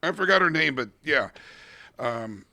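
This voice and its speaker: A man's voice: a little high, lively intonation, measured pace, creaky, pushed and bright, dry recording, studio quality. A man co-hosting a casual podcast, reading out calendar quotes in a rambling, self-correcting way and swearing now and then.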